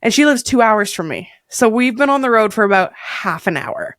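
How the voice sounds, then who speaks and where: Lively young woman telling a story. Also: a little high, normal speed, no room sound, studio quality. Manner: animated, acts out quoted dialogue. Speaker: podcast guest. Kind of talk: casual storytelling interview.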